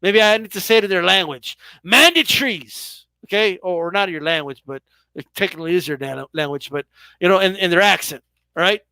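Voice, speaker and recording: A man giving heated boxing commentary on a live stream, sarcastic and exasperated, talking in rapid rants. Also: sits high, sharp tone, clear, resonant tone, dry recording.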